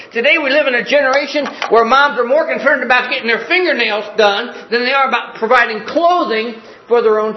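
Older pastor guy preaching, high voice, echoey church, kinda dull sound. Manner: earnest storytelling preacher, vivid retellings. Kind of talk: sermon. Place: church sanctuary.

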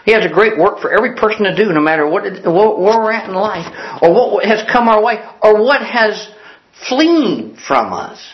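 A man's voice: sits high, big pitch swings, normal speed. Earnest preacher man, echoey room. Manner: repeats key lines for emphasis; earnest, storytelling delivery. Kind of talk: sermon. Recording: echoey, dull lo-fi sound.

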